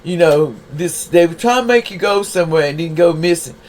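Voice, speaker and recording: A man with a high voice reads tarot cards in a casual, streetwise way. He keeps asking rhetorical questions and talks straight to the viewer. A faint hiss sits under his voice. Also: animated, brisk, a little mellow. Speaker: tarot reader. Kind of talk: casual tarot card reading.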